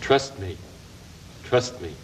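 A man's voice: low voice, expressive, slow, slight background noise. A man voicing a scheming male puppet dragon who runs the show in a 1970s television puppet comedy, coaxing and stammering as he talks. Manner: flustered, coaxing, stammers and restarts. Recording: dull lo-fi broadcast tape.

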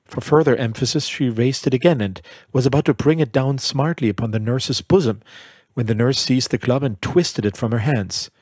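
A man reading a classic short story aloud in measured, deliberate narration. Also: mid-range voice, a little mellow, slightly rough, no room sound, clean studio sound. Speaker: audiobook narrator. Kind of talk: scripted literary narration.

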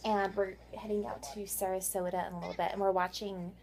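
A bubbly, giggly young beauty vlogger gushes over food and places with a friend at the beach and in restaurants. Her mid-range voice is level in tone, brisk, and creaky. Loud background music plays, and a crowd can be heard.

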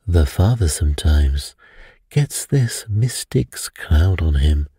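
A man reading a bedtime story, voicing a worldly French companion who speaks quietly and earnestly. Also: rumbling low, expressive, takes it slowly, slightly rough, no room sound, clean studio sound, exaggerated voice.

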